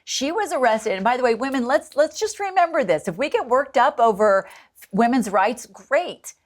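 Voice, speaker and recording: Midwestern-accented woman co-host, lively and emphatic, repeats key lines. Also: sits high. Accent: Middle American. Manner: animated, quick to laugh, repeats phrases for emphasis. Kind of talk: political talk show chat.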